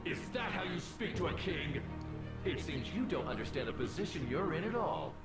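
A man's voice: on the high side, very animated, normal speed. An actor playing an arrogant, mocking tyrant king in a video game, talking down to his captives. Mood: sneering. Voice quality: sneering, mocking. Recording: roomy game audio with music.

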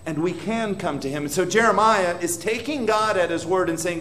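A man's voice: high-pitched, moderate pace, few pauses, fairly bright tone, slight background noise. Man preaching a dramatic sermon. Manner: dramatic, voices prayers aloud with rising intensity; asks the congregation questions directly. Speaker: pastor. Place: church hall.

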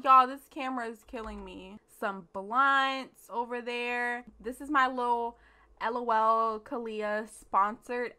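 Bright-voiced young woman, chatty and slangy. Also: a little high. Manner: chatty, slangy and playful, with little laughs. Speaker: gaming YouTuber. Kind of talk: casual let's play commentary.

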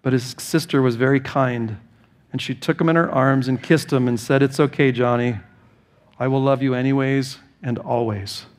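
A man's voice: steady tone, moderate pace. A man preaching a sermon as pastor, building to passionate emphatic lines and acting out voices in his stories. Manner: impassioned preaching, rising to high emphatic lines; tells stories and acts out quoted voices.

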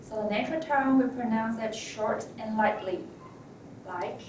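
A woman who speaks natively teaches tones in English, calmly modeling each sound and pausing for students to repeat. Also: fairly high pitch. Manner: patient, models sounds and pauses for repetition. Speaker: Mandarin teacher. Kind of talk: slow, deliberate language lesson. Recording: echoey room, mic at a distance, background noise.

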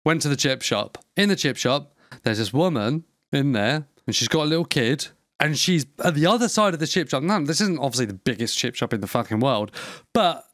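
Animated lad telling a story. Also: male voice, medium pitch, brisk, dry recording, clean studio sound. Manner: lively, laughing, sweary storyteller. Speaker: podcast co-host. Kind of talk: casual banter.

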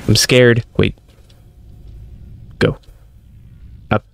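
A man's voice: lowish voice, fairly even intonation, slow, vocal fry, pauses often. A young man commenting on a horror shooter as he plays, with jumpy, self-mocking reactions. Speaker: gaming streamer. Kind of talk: let's-play commentary.

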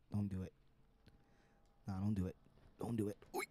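Chatty streamer, low voice, swears freely while playing. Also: male voice, flat delivery, moderate pace, long pauses, warm tone. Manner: profane, chatty, talks to himself and the game. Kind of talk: live gameplay commentary.

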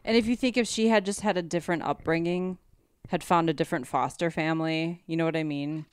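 A woman with a fairly low voice co-hosts a podcast, chatty and quick to giggle. The sound is close and dry, with no room around it. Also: fairly even intonation, smooth, no room sound. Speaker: podcast co-host. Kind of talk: casual chat.

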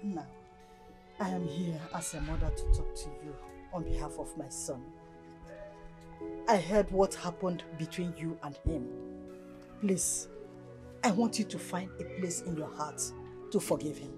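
A woman's voice: low-pitched, a little slow, long pauses, music in the background. A pleading Nigerian mother. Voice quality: pleading, coaxing. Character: pleading mother begging forgiveness for her son. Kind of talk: Nollywood film acting.

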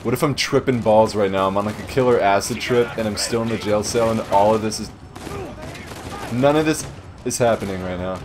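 A man giving casual, joking commentary while playing a shooter game, swearing often and yelling at enemies. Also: on the low side, a little fast, noisy background. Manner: jokey, swears a lot, shouts at enemies. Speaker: gamer doing a let's play. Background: faint game music and gunfire.

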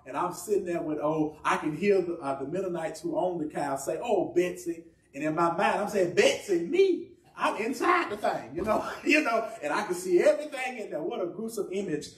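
A man's voice: sits high, echoey room, recorded from a distance. A man preaching a sermon in a conversational, humorous way, asking the congregation questions. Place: church.

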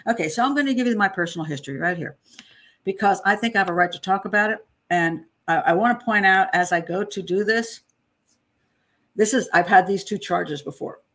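A woman's voice: medium pitch, brisk, a bit bright. A woman hosting a casual true crime commentary, talking in a chatty, digressive way, frank and opinionated, often laughing.

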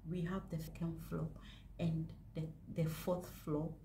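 A young woman from Ghana talks straight to a camera on a stand in a casual vlog, slow and deliberate, sounding aggrieved and emphatic as she repeats her points. Her voice sits a little low. The room is echoey, with faint noise behind her. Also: little pitch movement, warm tone. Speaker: vlogger. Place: indoors in a house.

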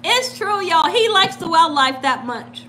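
Her voice is extremely high and a little slow. She hosts a live cooking stream from home, chatting casually and telling stories with plenty of laughter, animated throughout as a cooking channel host.

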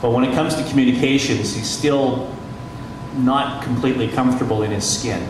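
A man's voice: mid-range voice, fairly even intonation, moderate pace. A middle-aged radio journalist telling anecdotes on a panel, chatty, laughing often and restarting his sentences. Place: panel discussion in a large echoey room. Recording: echoey hall from far off, noisy.

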